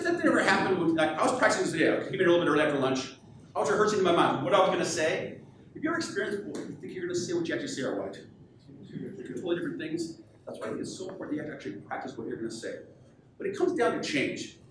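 A man giving a live business keynote to an audience, energetic and peppering the crowd with questions. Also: high-pitched, racing. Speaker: professional speaker. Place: event hall with audience. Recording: echoey hall, voice from far off, faint hum.

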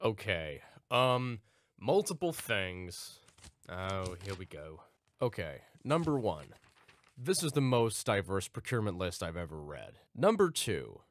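A man's voice: lowish voice, sing-song, unhurried, no echo, pitched below the performer's own voice. A man voicing Harry, an exasperated, grumbling male team leader.

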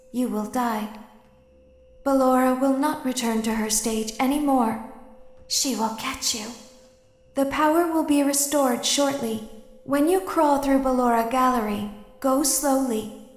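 Calm eerie robot girl. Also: sits high. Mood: instructive. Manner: calm, measured, coolly curious. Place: game soundtrack heard through a let's play. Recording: echoey hall reverb on game audio.

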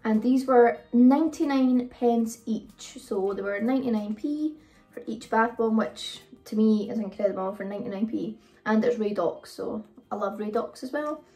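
In a warm voice on the high side, a British woman moves at a moderate pace through her haul video, chatting loosely and rambling with frequent ums. Faint music plays, and her voice sits a bit far from the mic.

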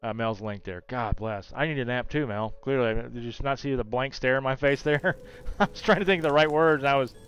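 A man's voice: medium pitch, a little fast, hardly any pauses, a bit bright, clear, resonant tone, dull audio, faint music behind. A man streaming a retro game live, chatting with viewers, joking and muttering his moves under his breath. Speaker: gaming streamer. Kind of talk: live gameplay commentary.

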